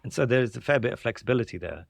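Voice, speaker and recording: A man around forty co-hosting a podcast, telling quick, laughing stories in casual chat. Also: mid-range voice, expressive, gravelly, no echo. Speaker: podcast co-host.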